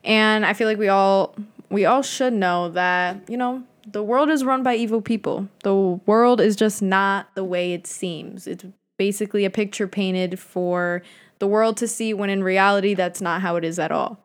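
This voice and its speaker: A woman's voice: medium pitch, steady tone, moderate pace, clear, resonant tone. A young woman talking casually to camera in a chatty, conspiratorial monologue with slangy asides.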